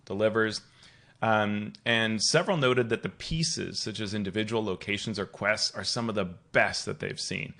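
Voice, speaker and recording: A man hosts a casual podcast in a somewhat low voice. He prompts his guests with loose questions, padding them with fillers. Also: moderate pace, vocal fry, bright, forceful tone. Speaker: podcast host.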